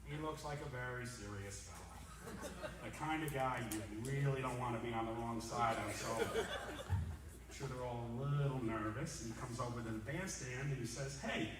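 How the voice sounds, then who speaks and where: A man giving a comic roast speech in a large banquet hall, telling stories in a lively way and acting out the characters. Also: medium pitch, normal speed. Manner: lively storyteller, acts out the characters. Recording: echoey hall, distant mic.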